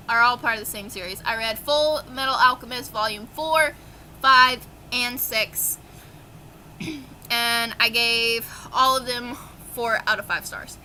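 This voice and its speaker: Bright-voiced gushing young woman. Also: a little high, slight background noise, low-quality recording. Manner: gushing, excitable, swears casually. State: dry throat, coughing. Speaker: book vlogger. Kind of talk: casual monthly reading wrap-up.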